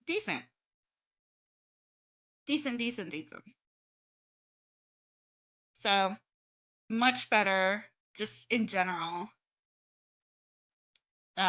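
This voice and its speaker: Slow-talking bright young woman streamer. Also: mid-range voice. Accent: Midwest-Southern American. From southern United States. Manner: rambling, self-correcting, chatty. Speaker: art streamer. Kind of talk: casual chat while drawing.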